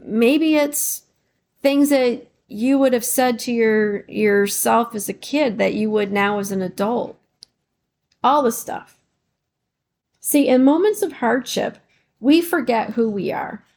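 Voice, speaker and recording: A woman's voice: a little high, slow, darkish tone. A woman hosting a podcast, giving supportive self-help advice with many encouraging rhetorical questions. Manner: fillers and restarts, emotional at times. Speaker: podcast host.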